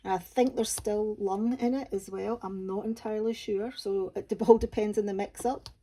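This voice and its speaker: A woman's voice: mid-range voice, fairly even intonation, normal speed, dark tone. A Scottish woman from Scotland, hosting a crafting channel and chatting casually to camera in a homely, self-deprecating way.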